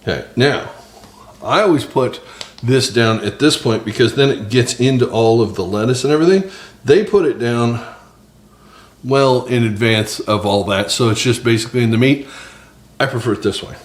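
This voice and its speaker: A man's voice: medium pitch, normal speed, roomy sound. A man hosting a casual cooking vlog from his small home kitchen, chatting and joking with viewers. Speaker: cooking channel host. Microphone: several cameras on the counter.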